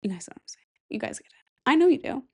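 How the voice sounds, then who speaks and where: A woman's voice: high-pitched, sing-song, very fast, warm tone, breathy edge. A young woman hosting a solo podcast, chatting casually and rambling, with giggly asides. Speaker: podcast host.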